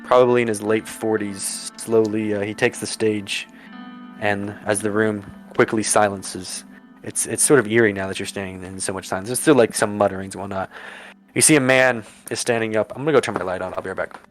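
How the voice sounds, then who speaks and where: A man's voice: lowish voice, fairly even intonation, a little fast, soft background music. A man narrating a tabletop game as game master and voicing its characters, with many fillers and restarts.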